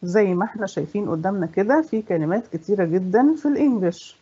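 A woman English teacher with an Egyptian accent, a native Egyptian Arabic speaker, explaining a lesson in Arabic and reading the English questions slowly. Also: medium pitch, animated, warm tone, slightly rough. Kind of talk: bilingual classroom explanation. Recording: dull lo-fi recording.

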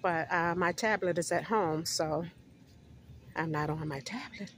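A woman's voice: fairly low pitch, measured pace, slight background noise. Breathless woman vlogging on her phone. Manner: chatty, affectionate, addresses viewers as you guys. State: out of breath from walking. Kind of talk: casual vlog chat to viewers. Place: outdoors walking, then inside a discount store. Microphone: phone held in hand.

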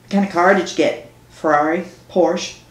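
A woman reading a book aloud, voicing a pushy, excitable woman friend who teases quickly and squeals. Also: lowish voice, echoey room, natural voice. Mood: teasing.

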